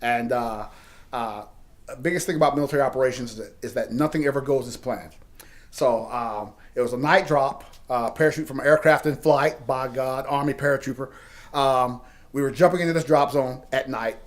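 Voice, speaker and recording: A middle-aged man, telling drawn-out anecdotes with lots of fillers and frequent laughter in a casual podcast chat. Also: medium pitch. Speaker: podcast co-host.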